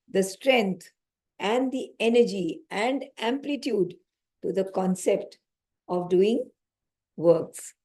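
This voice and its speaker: Mellow-voiced woman teaching scripture. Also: mid-range voice. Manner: explains slowly, repeats key phrases, asks the audience questions. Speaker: spiritual teacher. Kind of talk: lecture on scripture.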